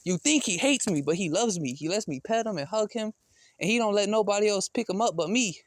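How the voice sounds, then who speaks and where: A man's voice: sits high, animated, brisk, no room sound. A man talking casually in a vlog, slangy and chatty, calling out to a cat in a backyard. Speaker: vlogger. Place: outdoors in a backyard.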